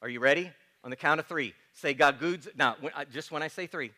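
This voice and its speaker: A man preaching a sermon as pastor, emphatic, dropping to soft hushed passages. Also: on the high side, fast talker.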